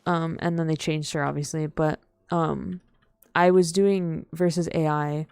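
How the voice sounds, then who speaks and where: A woman's voice: low voice, fairly even intonation, a little slow, vocal fry, darkish tone, clean tone, no room sound. A young woman live-streaming a game, rambling in casual chat and full of "like" fillers. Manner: rambling, heavy use of "like" fillers; chatty and playful.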